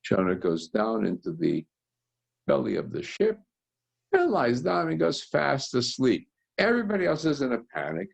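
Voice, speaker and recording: A man, a rabbi, teaching a scripture study session and telling the story with animated voices for its characters. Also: mid-range voice, moderate pace, gravelly, husky. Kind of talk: text study lesson.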